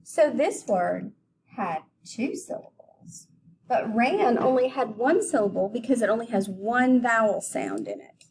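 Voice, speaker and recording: Slow, lively-voiced woman teaching phonics. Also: a little high, a little hiss or hum. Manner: slow, deliberate, sounding out letters and syllables. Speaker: elementary school teacher. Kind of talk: phonics lesson for young children.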